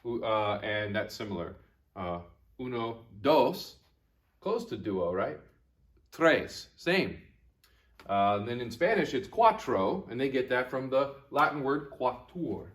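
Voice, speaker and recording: A male teacher recording a video lesson for young students. His pitch rises and falls a lot as he explains, and he repeats each word slowly and patiently. His tone is encouraging and friendly toward the class. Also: big pitch swings, a bit bright. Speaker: Latin teacher.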